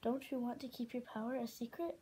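A woman doing a smooth, soothing ancient dragon. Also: fairly high pitch, little pitch movement, a little fast, mellow, a little hiss or hum, natural voice, low-quality recording. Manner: soothing, persuasive.

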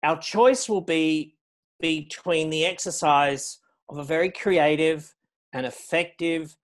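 A middle-aged man giving a public lecture as guest speaker, measured and anecdotal, stressing key words. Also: a little high. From Australia. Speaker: guest speaker on foreign policy.

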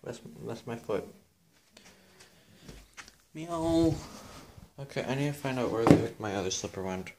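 A man's voice: medium pitch, quick pace, few pauses, noisy background. A man at home, filming and talking playfully to his kitten in a doting way. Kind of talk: casual talk to a pet. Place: at home, indoors.

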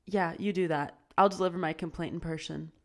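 Casting note: a woman playing a sharp-tongued teenage girl, feisty and quick to anger, pitched a bit higher. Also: fairly even intonation, close to an everyday voice. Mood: angry. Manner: sharp, sarcastic comebacks.

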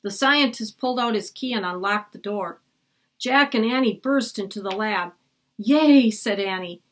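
A woman's voice: normal speed, fairly bright tone. A woman reading a children's chapter book aloud, lifting her voice for the children's lines and dropping it for the narration. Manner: lifts her pitch for the children's lines and drops low for the narration. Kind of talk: read-aloud storytelling.

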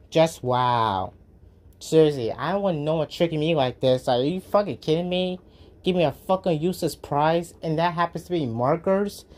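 A woman's voice: lowish voice, a little mellow. A woman hosting a reaction video, ranting with profane indignation.

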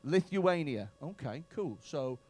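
A man's voice: fairly high pitch, lively intonation, slow, darkish tone. A male stand-up comedian in a comedy club, doing profane, bantering crowd work with mock outrage.

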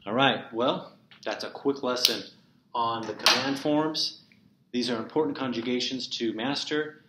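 A man teaching a lesson at an unhurried pace, breaking each point into numbered steps and repeating examples. He is recorded in an empty classroom that gives his voice a roomy echo. A steady background noise runs underneath. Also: medium pitch. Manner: methodical, repeats examples step by step. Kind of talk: classroom lecture.

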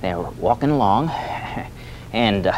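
A man teaching a lively Spanish lesson, repeating phrases for students to echo and coaxing them with a questioning "Hmm?". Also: on the low side, slow pace, slight background noise. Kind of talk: lively spoken language lesson.

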